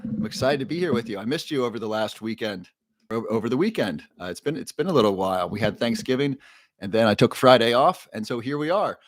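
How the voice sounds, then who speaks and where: A man's voice: mid-range voice, animated, fast talker, dry recording. Dry-sounding male live-stream host. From Ohio. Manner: reads viewer names and questions from chat aloud. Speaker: livestream host. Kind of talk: casual live-stream chat.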